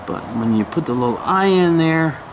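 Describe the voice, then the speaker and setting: A man's voice: fairly high pitch, animated, moderate pace, noisy background. A man giving a casual step-by-step woodcarving lesson, folksy and chatty, humming to himself as he works. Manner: folksy, hums and mutters while working. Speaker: woodcarving instructor.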